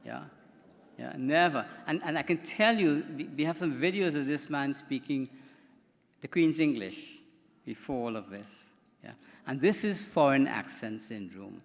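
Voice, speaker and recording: A man's voice: mid-range voice, animated, unhurried, creaky. A man, a doctor, giving a conference presentation in a chatty, rambling way with repeated words. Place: conference hall. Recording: hall reverb from a microphone in a conference room.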